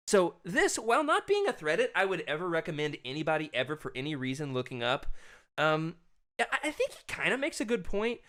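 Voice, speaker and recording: Male co-host, high-ish, forceful tone, upbeat fan-chat energy. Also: wildly swooping pitch, brisk. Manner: enthusiastic, reads live chat comments. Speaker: podcast co-host. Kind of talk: casual podcast chat.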